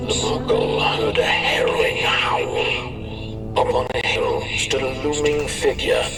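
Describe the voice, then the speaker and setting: A man narrating a storybook game in a slow, lilting storyteller delivery. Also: mid-range voice, sing-song, far from the mic. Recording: echoey hall from afar, loud music.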